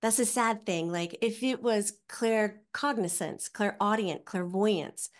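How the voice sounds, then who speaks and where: A woman speaks in a relaxed podcast conversation. She explains things step by step like a teacher, with an animated delivery, at a middling pitch. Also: takes it slowly. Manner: animated, teaching tone, acts out quoted voices. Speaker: psychic medium guest. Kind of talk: casual podcast chat.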